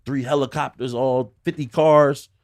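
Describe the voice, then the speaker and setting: A young man from Philadelphia, a podcast guest, telling a story in casual chat, animated and cursing freely. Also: medium pitch, measured pace, noisy background. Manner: animated storyteller, acts out quotes in raised voice, swears freely. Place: podcast studio.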